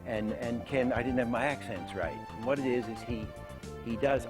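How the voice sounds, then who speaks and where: A man's voice: mid-range voice, normal speed, over music. An older man giving a lecture on animation, telling anecdotes and acting out the lines he quotes. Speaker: animation teacher.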